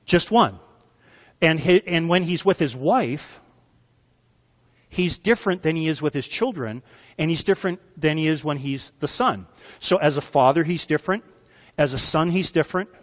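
A man preaching with an animated, teaching manner, tossing questions out to the room. His voice sits a little high for a man. A long hall reverb trails each phrase. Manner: animated teaching with quick asides and questions to the crowd. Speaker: pastor. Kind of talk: sermon.

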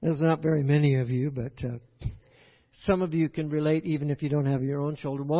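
An older man preaching a sermon, folksy and rambling, often checking with "right?". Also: fairly high pitch. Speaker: pastor. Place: church sanctuary. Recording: echoey hall, dull lo-fi sound.

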